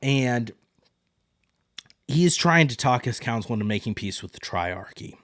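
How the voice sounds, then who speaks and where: A man's voice: mid-range voice, lively intonation, measured pace, fairly bright tone, no echo, clean studio sound. A man hosting a solo podcast, recapping a TV episode in a casual, rambling way. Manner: casual, rambling, paraphrases characters in loose quotes. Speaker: podcast host.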